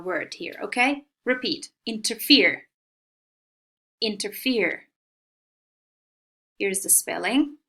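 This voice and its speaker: Slow, clear-spoken woman teaching vocabulary. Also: on the high side, a bit bright. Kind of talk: recorded online vocabulary lesson.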